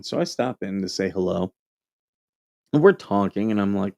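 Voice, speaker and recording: A man who served as a Marine, hosting a casual call-in show and telling a story in a relaxed, rambling way with lots of fillers. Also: fairly low pitch, normal speed, creaky, no room sound. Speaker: show host, Marine veteran.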